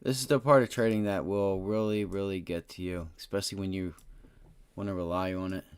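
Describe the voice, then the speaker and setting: A man hosting a live day-trading stream, cursing bluntly and swinging between low muttering and loud excited bursts. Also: fairly quick, smooth. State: frustrated. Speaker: livestream day-trading host.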